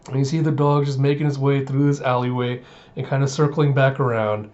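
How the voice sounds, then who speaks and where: A man's voice: medium pitch, steady tone, fairly quick, darkish tone. A young man hosting a casual reaction video, chuckling often and filling with uhs. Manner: chuckling, many fillers. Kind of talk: casual chat. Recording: slightly muffled lo-fi audio.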